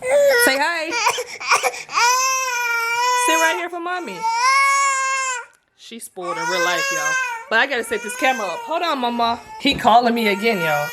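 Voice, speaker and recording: A woman's voice: on the high side, sing-song, moderate pace, long pauses. A woman talking straight to her viewers in a casual home prank vlog, emphatic and repetitive, filmed on a camera set up in the room. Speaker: vlogger and mother. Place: home, indoors. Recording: loud background noise.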